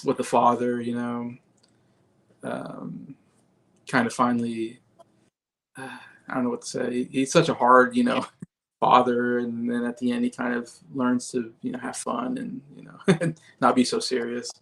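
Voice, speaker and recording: A man as a podcast guest, rambling in casual chat with many fillers and soft laughs. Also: medium pitch, monotone, unhurried, creaky, long pauses.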